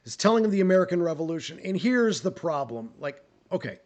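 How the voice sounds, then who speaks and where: High-voiced man ranting about history. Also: fast. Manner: animated, opinionated, stumbles and repeats words. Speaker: history guest on a live stream. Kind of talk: casual live Q&A chat.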